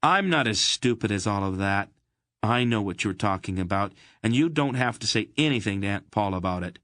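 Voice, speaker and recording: Storybook casting: a blunt, matter-of-fact boy hero, in a low male voice, the narrator's own. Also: animated, moderate pace, a bit bright, no echo.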